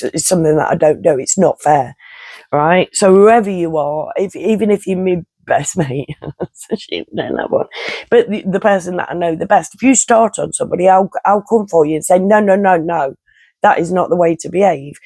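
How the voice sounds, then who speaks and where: A woman's voice: fairly low pitch, normal speed, mellow, dry recording. A woman, ranting bluntly and chattily to her viewers, swearing and laughing as she goes. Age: 50s. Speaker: vlogger. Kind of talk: casual rant to camera.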